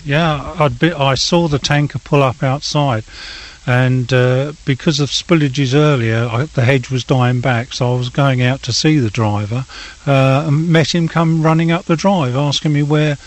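A man's voice: medium pitch, steady tone, unhurried. An older retired man being interviewed, telling events in a plain, matter-of-fact way. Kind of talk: recounting events.

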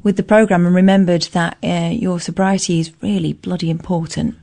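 Calm woman co-hosting radio. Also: fairly low pitch, vocal fry. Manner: calm, supportive, measured. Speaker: radio co-host.

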